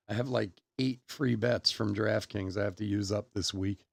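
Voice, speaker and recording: A man's voice: lowish voice, fairly even intonation, a little slow, vocal fry, no echo. A middle-aged man hosting a live card break, chatting casually and telling stories with frequent laughter. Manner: storytelling, laughs often. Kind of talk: casual live-stream chat. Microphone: desk mic on a stream setup.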